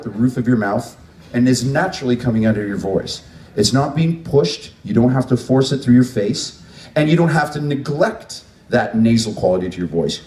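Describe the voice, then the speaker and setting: A man's voice: medium pitch, darkish tone, distant mic. A man running a vocal workshop at a music event, explaining breathing and resonance to a group. He demonstrates sounds as he goes. The room is echoey and he stands some way from the mic. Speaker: vocal coach.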